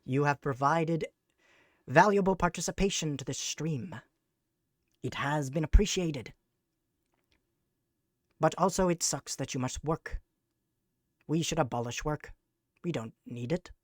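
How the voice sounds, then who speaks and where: A streamer chatting live on a desk mic, using grand, formal, mock-villainous phrasing with sarcastic deadpan jokes. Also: medium pitch, unhurried, pauses often, no room sound, clean studio sound. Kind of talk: casual live-stream chat.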